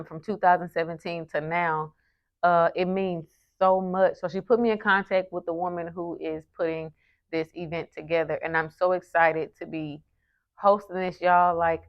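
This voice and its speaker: A woman in her thirties speaks to her viewers in an earnest, animated way, stumbling and restarting her phrases. Her voice sits slightly low. The recording is muffled and lo-fi. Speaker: lifestyle vlogger and event host. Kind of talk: casual talk to camera. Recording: muffled lo-fi sound.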